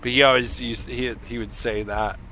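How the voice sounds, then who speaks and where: A man's voice: mid-range voice, little pitch movement, moderate pace, pushed and bright, a little hiss or hum. A young man streaming and chatting casually, rambling and joking crudely. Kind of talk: casual chat.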